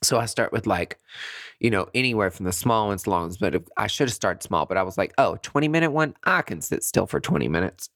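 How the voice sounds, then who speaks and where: Podcast host, lively pitch, dry close sound, casual comedic storytelling. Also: quick pace, dry recording. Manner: animated, laughs often, chatty.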